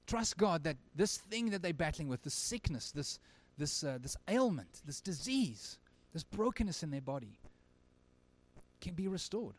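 At a church service, a male pastor with a high voice preaches earnestly, swinging between emphatic lines and very quiet ones.

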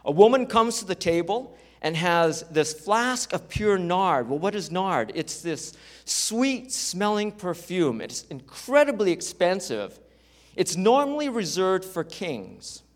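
High-voiced man preaching a sermon. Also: very animated, slow. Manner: explanatory, conversational preaching with asides. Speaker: pastor. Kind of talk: sermon, Bible teaching.

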